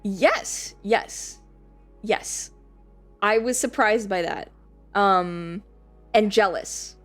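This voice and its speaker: Woman streamer, casual live chat, rambly and giggly, cusses freely, mid-pitched voice. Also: drawn-out words, faint music behind.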